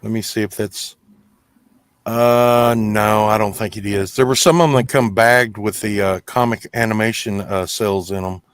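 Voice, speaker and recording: A folksy man talks in long, rambling stretches, full of restarts and filler words. His voice sits a little low. The sound is dry and close, with little room around it. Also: fairly even intonation, moderate pace, clean tone, no echo. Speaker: guest, gas company worker. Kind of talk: casual chat.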